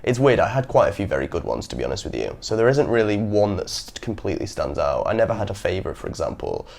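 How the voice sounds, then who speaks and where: A young man hosting a podcast, telling stories in a casual, animated way and acting out the people he quotes. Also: on the low side, fast talker, vocal fry. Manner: animated storyteller who acts out quotes. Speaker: podcast host. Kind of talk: casual chat.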